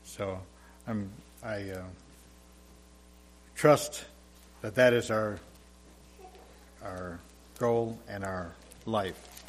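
A man preaching a sermon. He reads scripture aloud in old-fashioned wording and explains it in a plain, unhurried way, pausing often with fillers. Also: lowish voice. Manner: reads scripture loudly, then explains softly with many fillers.

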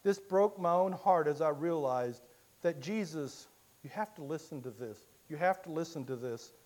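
A male preacher delivering an impassioned sermon with a slightly raised voice. He drops to a hush and then rises into loud, emotional cries as he retells the story. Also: on the high side, moderate pace. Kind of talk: sermon with dramatic first-person storytelling.

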